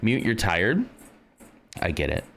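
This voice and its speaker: A man's voice: sits low, sing-song, slow, gravelly, a bit bright, a little hiss or hum. A man from the United States hosting a live stream, chatting casually and greeting viewers by name. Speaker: livestream host.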